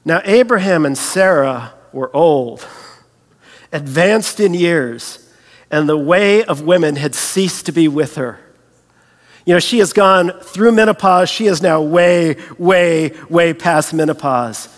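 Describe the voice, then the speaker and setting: A man preaching a sermon as a pastor, animated and storytelling, acting out the voices he quotes. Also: on the high side, slow, long reverb tail.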